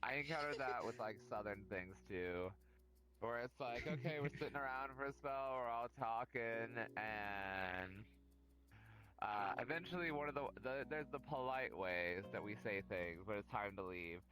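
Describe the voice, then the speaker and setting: A man's voice: medium pitch, normal speed, rough recording. A man chatting casually on a podcast, musing aloud and teasing the others.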